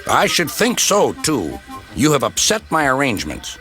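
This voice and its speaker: A man's voice: medium pitch, huge pitch swings, normal speed, pushed and bright, pitched above the performer's own voice. A man voicing a stern male railway boss in a storybook reading, pompous and reproving. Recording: music playing underneath.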